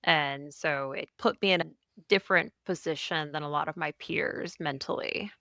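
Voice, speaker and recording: A woman with a low voice that still sounds bright and forceful, speaking as a podcast guest. She is earnest and reflective, letting her thoughts unfold in long sentences. The sound is clean and smooth, dry and close. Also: moderate pace, dry recording. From Ohio, US. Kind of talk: candid personal interview.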